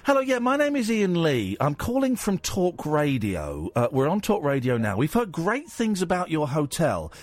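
High, lively man hosting talk radio. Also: normal speed, few pauses. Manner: excitable, animated and jokey. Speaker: radio phone-in host. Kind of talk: casual talk radio chat. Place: radio studio. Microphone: studio microphone.

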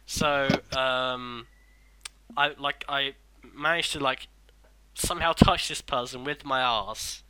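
A man's voice: mid-range voice, fairly even intonation, slow, bright, forceful tone, clean tone, dry recording, low-quality recording. A young man rambling through casual chat, swearing often and restarting his sentences.

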